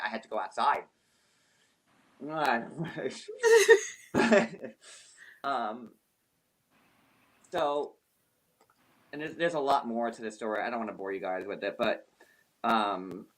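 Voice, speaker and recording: A man hosting a live stream, telling a personal story in an animated, emphatic way with some swearing. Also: mid-range voice. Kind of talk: casual storytelling.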